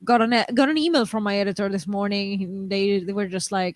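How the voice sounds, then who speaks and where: A woman's voice: medium pitch, steady tone, brisk, few pauses. Chatty woman, stammering restarts. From Argentina. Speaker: guest writer. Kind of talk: casual chat.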